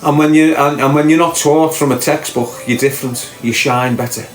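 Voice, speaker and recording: A man's voice: fairly high pitch, fairly even intonation, brisk. A man with a Liverpool accent chatting casually on a podcast, rambling and throwing in rhetorical questions. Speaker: podcast host. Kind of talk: casual chat. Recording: echoey room with faint music.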